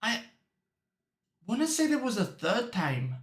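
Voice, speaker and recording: A man's voice: high voice, wildly swooping pitch, measured pace, echoey room. A young man chatting casually while reacting to a video, telling rambling stories, laughing often and calling the listener bro. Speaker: reaction streamer. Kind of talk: casual chat.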